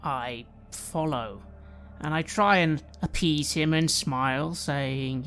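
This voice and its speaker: A player speaking in character, slow and earnest, sometimes dropping into soft, near-whispered lines. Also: medium pitch. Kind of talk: in-character roleplay speech.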